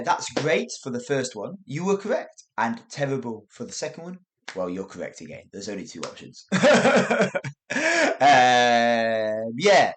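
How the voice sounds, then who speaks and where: A man's voice: mid-range voice, a little hiss or hum. A man presenting a podcast language lesson, acting out examples of tone and chuckling often. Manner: lively, demonstrates tones with acted examples, chuckles often. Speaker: English teacher podcaster.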